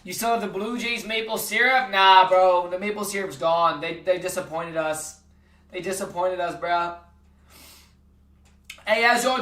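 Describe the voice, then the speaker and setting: A man's voice: sits high, unhurried, a bit bright, reverberant. A man livestreaming, trash-talking sports picks in casual chat with his viewers and calling everyone bro.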